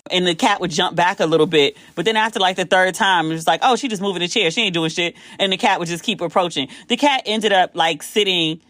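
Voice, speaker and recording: Woman, podcast host, casual storytelling, lively quoted voices, dry close sound. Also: dry recording. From United States. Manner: animated, acts out quotes with big pitch jumps.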